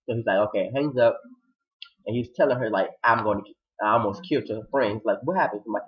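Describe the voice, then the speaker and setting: A man giving an animated recap of a TV episode, acting out the characters' lines with sudden high-pitched outbursts. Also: fast talker, muffled recording. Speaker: TV episode reviewer.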